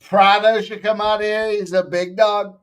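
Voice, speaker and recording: A man's voice: high voice, little pitch movement, unhurried, clear, resonant tone. A man hosting a casual group chat about fight betting, joking and teasing his co-hosts. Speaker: betting show host.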